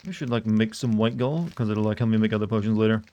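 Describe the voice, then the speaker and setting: A man's voice: on the low side, fast, warm tone, dull audio, a little hiss or hum. Chatty male streamer, rambling commentary. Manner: rambling, chatty, with frequent restarts. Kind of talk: casual gameplay commentary.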